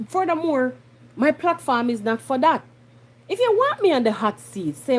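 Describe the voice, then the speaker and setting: A Jamaican woman hosting a podcast, giving blunt, animated commentary and slipping into patois. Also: high-pitched, moderate pace. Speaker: podcast host. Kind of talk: casual commentary monologue.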